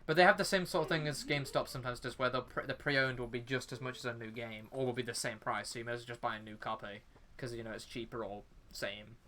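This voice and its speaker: A man's voice: mid-range voice, fairly even intonation, quick pace, pushed and bright, a little hiss or hum. A young British man chatting casually while livestreaming a video game, rambling with lots of fillers and restarts. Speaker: streamer. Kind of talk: casual chat while gaming. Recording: faint background music.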